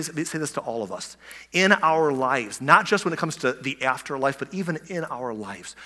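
Preacher guy mid sermon, bright punchy voice, keeps restarting and asking the crowd questions, long echo off the church hall. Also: medium pitch, moderate pace. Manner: excitable, restarts often, rhetorical questions. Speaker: pastor.

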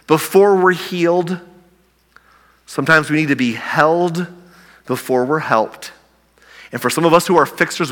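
A man's voice: a little high, sharp tone. A man preaching a sermon, retelling the story in a conversational, humorous way. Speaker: pastor. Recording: long reverb of a large hall.

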